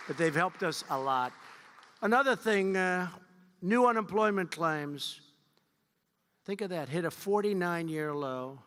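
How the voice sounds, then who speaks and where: A man's voice: sits high, expressive, unhurried, pauses often, fairly bright tone, a faint crowd. A man giving a rally speech at a fundraiser, repetitive, boastful and rambling. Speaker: political speaker at a fundraiser. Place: large event hall. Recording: long hall reverb.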